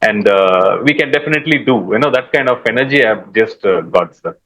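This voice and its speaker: A man's voice: fairly low pitch, animated, a little fast, a bit bright, low-quality recording. A man with an Indian English accent sharing workshop feedback hesitantly, with many fillers. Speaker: workshop participant.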